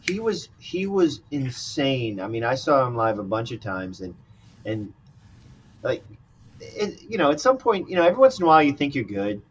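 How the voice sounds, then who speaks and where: A man hosts a casual chat with a lively, animated voice. He sounds distant and dull on his mic, with faint noise behind him. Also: medium pitch, moderate pace. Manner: laughs along, eager listener. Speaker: show host.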